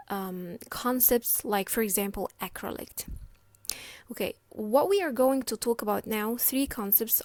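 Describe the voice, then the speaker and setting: A woman's voice: a little high, darkish tone, dry recording. A woman teaching a lecture, checking in often with "okay?" and "right?". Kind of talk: explanatory lecture.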